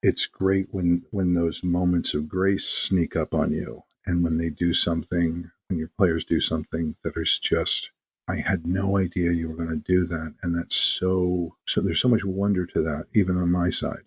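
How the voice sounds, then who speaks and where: A man's voice: low voice, normal speed, hardly any pauses, a little hiss or hum. A man talking casually as an interview guest and game master, telling stories animatedly and acting out quotes. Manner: animated storyteller, acts out quotes.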